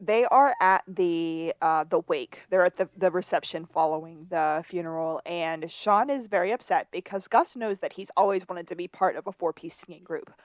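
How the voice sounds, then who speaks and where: A lower-pitched woman co-hosts a rewatch podcast and walks through the scenes with chatty, playful asides. Her voice sits close and dry, with no room sound around it. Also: moderate pace, few pauses, no echo. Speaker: podcast co-host. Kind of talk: casual rewatch recap chat.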